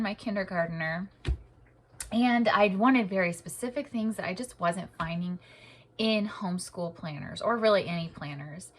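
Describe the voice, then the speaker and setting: Woman with a rough, hoarse voice. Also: medium pitch, a bit bright. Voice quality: rough, husky. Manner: chatty, rambling with fillers. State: hoarse, partly lost voice. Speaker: homeschooling mom vlogger. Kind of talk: casual chat.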